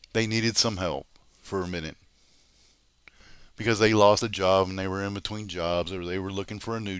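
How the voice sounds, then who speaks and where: A man's voice: lowish voice, fairly bright tone, no echo. A man hosting a drama commentary stream, berating someone in a heated, profane rant.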